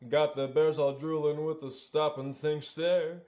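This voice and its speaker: A man's voice: on the high side, level tone, a little slow, mellow, lo-fi sound, close to an everyday voice. A man voicing a cheerful sloppy pink male bear in a bouncy, sing-song rap. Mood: upbeat.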